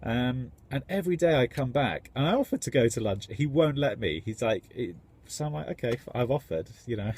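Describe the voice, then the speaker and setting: A man's voice: medium pitch, expressive, brisk, a little mellow, breathy edge. A man, a tradesman, rambling enthusiastically in a casual vlog. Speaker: tradesman contractor.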